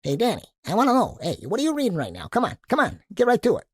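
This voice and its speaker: A man doing a pushy, fast-talking small guy. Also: very high-pitched, wildly swooping pitch, breathy edge, no room sound, studio quality, voice pushed up, exaggerated voice. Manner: impatient, prodding.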